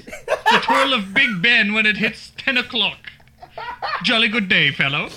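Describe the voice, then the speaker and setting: A man hamming up a shouting posh British gent. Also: high voice, animated, very noisy, voice pushed up. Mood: jolly, hammy. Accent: put-on British. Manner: shouting, drawn-out, laughing through it. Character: hammy posh male British gent, loud and jolly.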